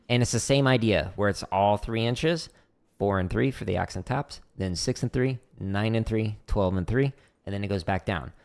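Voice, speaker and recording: Casual low-voiced man teaching drums. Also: clean tone. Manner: casual, thinking aloud, counting out loud while playing. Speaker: drum teacher. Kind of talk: casual livestream drumming lesson. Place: home practice room. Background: drums playing.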